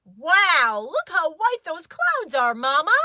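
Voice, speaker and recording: Woman voicing a booming cheerful storybook dad, wowed by everything, bright and dry. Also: huge pitch swings, slow, no room sound, exaggerated voice. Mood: amazed. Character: cheerful dad, loud and amazed.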